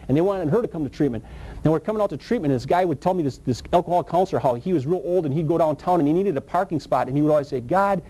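Male preacher, testimony sermon: husky, quick-talking storyteller with excited high bursts. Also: poor audio.

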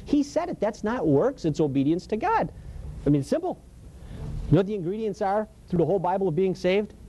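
Preacher, male, high mellow voice, casual and emphatic sermon delivery. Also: sing-song, brisk, slight background noise. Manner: storytelling, emphatic, colloquial, laughs often. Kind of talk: conversational sermon.

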